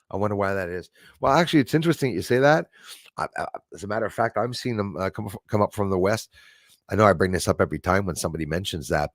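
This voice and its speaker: A man's voice: on the low side, no echo, studio quality. A man hosting a casual livestream, reading viewer comments aloud, chuckling often and rambling between topics. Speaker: livestream host.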